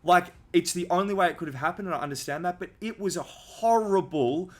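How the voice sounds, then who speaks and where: A man's voice: high-pitched, a little fast. Candid, swearing young man. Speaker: podcast host. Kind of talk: casual podcast chat.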